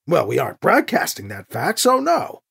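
A narrator lending a voice to a male security chief with a dry wit, reporting facts in a lifted, lively tone. He sounds rough around the edges, slightly gravelly and husky, in an audiobook. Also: fairly high pitch, normal speed, exaggerated voice. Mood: wry. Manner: wry, matter-of-fact.

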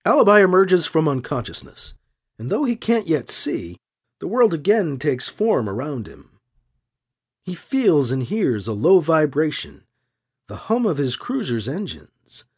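A man narrates a story with a high, lively voice that swoops across a wide range. His reading is expressive and animated. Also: measured pace, breathy edge. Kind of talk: audiobook narration.

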